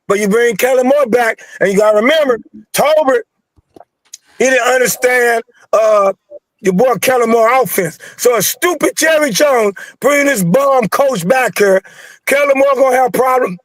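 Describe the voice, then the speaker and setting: A man with a very high-pitched voice rants in a heated, slangy rush, sounding fed up and fired up. The sound is dry and close, with no room around it. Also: normal speed, no echo. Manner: fired-up, angry, repetitive, slangy. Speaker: caller ranting about football. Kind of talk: heated sports call-in rant.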